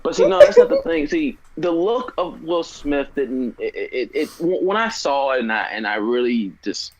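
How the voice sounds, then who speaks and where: Animated swearing man in casual chat. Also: fairly high pitch, moderate pace, dull audio, a crowd in the background. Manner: animated, swearing, stumbling restarts, mocking impressions. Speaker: podcast co-host.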